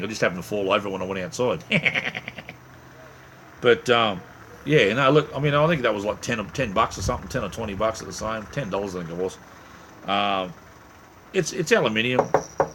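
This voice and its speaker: A rambling, jokey middle-aged Australian man chatting casually to a live stream audience in a lowish voice. He restarts his sentences and drifts between stories. Faint vehicle and ambient noise sit behind him. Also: fairly bright tone. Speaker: livestream host. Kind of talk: casual live chat reading viewer comments.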